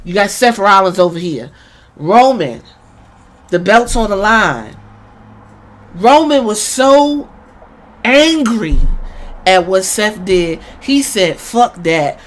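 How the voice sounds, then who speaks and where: A woman hosting a podcast, giving a casual, profane recap and acting out moments with sudden shouts. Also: medium pitch, expressive, slow, pauses often. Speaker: podcast host.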